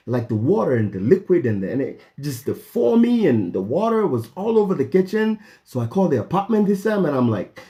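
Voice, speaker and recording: A young Kenyan man telling a story for his vlog in an animated way, jumping high in pitch when he quotes himself, with lots of fillers and restarts. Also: a little fast, few pauses. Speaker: vlogger.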